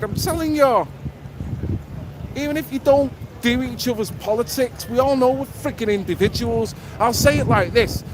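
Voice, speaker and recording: A man's voice: sits high, poor audio. A man from Manchester with a Mancunian accent, live-streaming outdoors on a city square, chatting bluntly and jokily with plenty of swearing. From Manchester, England. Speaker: livestream host. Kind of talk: casual street livestream chat. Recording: loud street noise behind.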